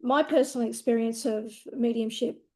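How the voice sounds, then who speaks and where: A woman's voice: a little high, steady tone, normal speed, warm tone. A woman co-hosting a tarot podcast, explaining her experience in a reflective, teacherly way, often checking in with "right?". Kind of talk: casual chat, explaining.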